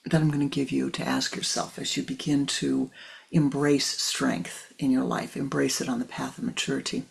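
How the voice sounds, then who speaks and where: Spiritual teacher, meditative teaching, gravelly voice, very husky, slips into near-whispers, slow deliberate repetition. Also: medium pitch, little pitch movement. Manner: often drops into a breathy near-whisper; slow, deliberate, repeats phrases for emphasis.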